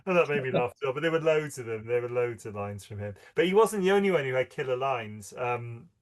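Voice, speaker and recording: A man chats casually on a film podcast. He retells scenes he loved and laughs as he goes. His voice sits at an ordinary middle pitch. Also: expressive, fairly quick. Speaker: podcast co-host.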